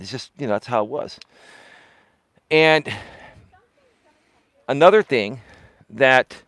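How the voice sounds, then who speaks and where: A middle-aged man, a life coach hosting a live stream, talking with heavy emphasis and swinging between highs and lows. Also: a bit bright, no room sound.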